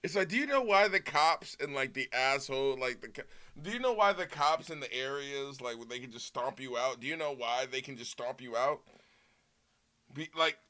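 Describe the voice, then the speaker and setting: A man's voice: medium pitch, animated, normal speed, sharp tone. A man streaming live, reacting to footage with profane, joking commentary and frequent laughter.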